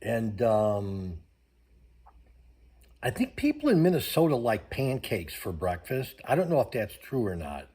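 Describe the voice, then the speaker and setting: A man's voice: on the low side, very animated, unhurried, dark tone, breathy edge. Folksy older male vlogger. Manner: rambling, folksy, many fillers. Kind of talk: casual chat to camera.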